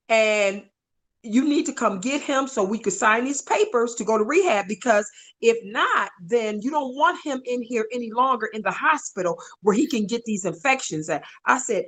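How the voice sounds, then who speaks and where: Middle-aged woman caregiver, higher voice, emotional, animated interview storytelling. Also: normal speed. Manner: animated, voice jumps high when reliving moments. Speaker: stroke survivor's wife and caregiver.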